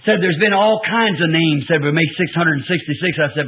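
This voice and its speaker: High-voiced preacher man, tinny old recording. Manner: swings from soft asides to drawn-out shouted emphasis. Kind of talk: sermon.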